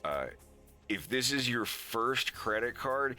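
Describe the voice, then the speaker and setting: A man's voice: mid-range voice, very animated, slow, sharp tone, faint music behind. A man streaming, chatting casually and loosely, with profanity, as he gives advice. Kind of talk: casual rambling stream chat.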